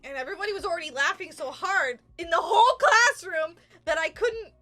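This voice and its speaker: A young woman with a high, bright voice tells a story on a podcast. She is animated, laughs often and gets loud when she acts out quotes. It is relaxed, casual chat. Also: quick pace, hardly any pauses, soft background music. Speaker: podcast co-host.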